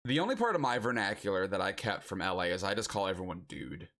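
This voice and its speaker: Young adult man, game-stream host; relaxed musing chat with lots of pitch movement. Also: quick pace. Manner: thinks aloud, musing and chatty. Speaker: streamer playing a geography guessing game.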